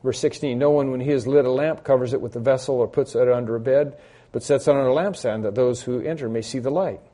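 A man's voice: mid-range voice, quick pace, mellow. A man preaching an expository sermon in a conversational way, repeating key phrases for emphasis and poking fun at himself. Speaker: pastor.

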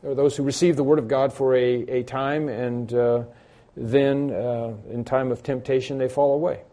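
A man's voice: mid-range voice, steady tone, moderate pace, warm tone. A man preaching an expository sermon in a conversational way, repeating key phrases for emphasis and poking fun at himself. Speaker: pastor.

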